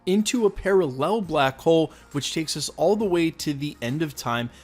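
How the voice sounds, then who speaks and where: A man's voice: fairly high pitch, animated, moderate pace. A man hosting a fan recap and breakdown video, talking with energy and explaining details point by point. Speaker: host.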